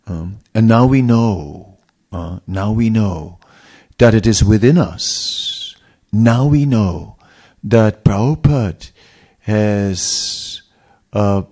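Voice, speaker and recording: A man giving a spiritual sermon, telling stories and asking rhetorical questions, often pausing and restarting. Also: medium pitch. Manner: animated storytelling with rhetorical questions; halting, with frequent restarts and pauses. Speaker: spiritual teacher giving a lecture.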